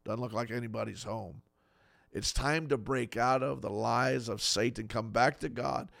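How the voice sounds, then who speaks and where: A man's voice: mid-range voice, normal speed, creaky, fairly bright tone, no echo, clean studio sound. A man preaching as a pastor, earnest and pleading, stacking up short repeated phrases. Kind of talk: sermon.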